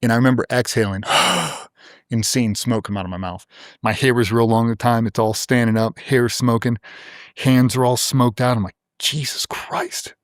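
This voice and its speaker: A man's voice: medium pitch, steady tone, brisk, dry recording, studio quality. A middle-aged man, a former special operator, telling a vivid, blunt, profane story as a guest in an interview.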